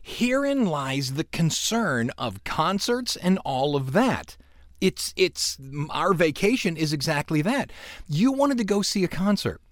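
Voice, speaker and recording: A man's voice: high voice, very animated, a little slow, no room sound, clean studio sound. A middle-aged man hosting a radio show, chatting casually and telling stories with sound effects and mock indignation. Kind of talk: casual on-air chat.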